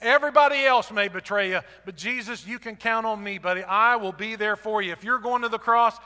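A man's voice: high-pitched, brisk, sharp tone, in a large hall, pitched above the performer's own voice. A man voicing a bold, loyal fisherman disciple who makes emphatic promises. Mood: boastful.

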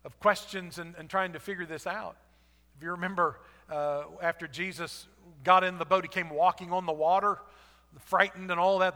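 A man's voice: high-pitched, sharp tone, in a large hall. A man, a pastor, preaching a sermon in a conversational storytelling way. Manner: storytelling, conversational, acts out quotes.

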